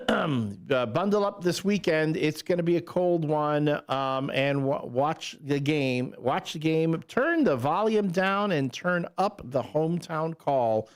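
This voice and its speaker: A man's voice: fairly high pitch, animated, takes it slowly, few pauses. Chatty male radio morning host. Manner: chatty, loose delivery with fillers and restarts. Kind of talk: casual morning radio chat. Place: radio studio. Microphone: studio microphone.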